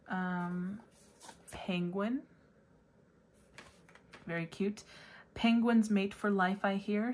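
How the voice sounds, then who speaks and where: A woman giving a casual pick-a-card tarot reading to her viewers, chatty and full of fillers, now and then breaking into high excited squeals. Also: a little hiss or hum. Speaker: tarot reader.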